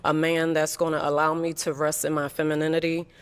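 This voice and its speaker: A woman's voice: sits low, flat delivery, fairly quick, clear, resonant tone. Nervous woman in her thirties. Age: 30s. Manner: nervous, apologetic, with many ums. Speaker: dating show contestant. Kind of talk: answering interview questions.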